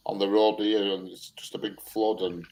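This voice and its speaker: A man's voice: on the low side, little pitch movement, moderate pace, darkish tone. Man, casual banter on a video call, loose and laughing, plenty of swearing. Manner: chatty, laughing, swears freely. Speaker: live stream panel guest.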